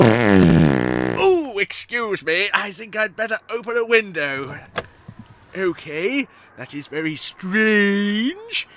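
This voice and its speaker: A man's voice: high-pitched, sharp tone. A man voicing a mean, grumpy old male villain who hates everything, growling and snarling. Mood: grumbling. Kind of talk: comic audio story acting.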